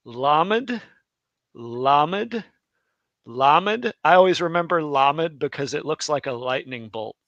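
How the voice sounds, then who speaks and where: A man co-teaching a live alphabet lesson, talking slowly and unhurriedly. His voice is bright and forward, and the sound is dry and close. He is chatty, laughs easily and corrects himself often. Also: mid-range voice, vocal fry, dry recording. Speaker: Hebrew class co-teacher.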